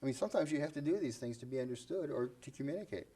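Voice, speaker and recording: Mellow-voiced man hosting. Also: medium pitch, expressive, racing, husky. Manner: chatty, laughs often, asks questions. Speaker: host. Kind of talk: casual educational discussion.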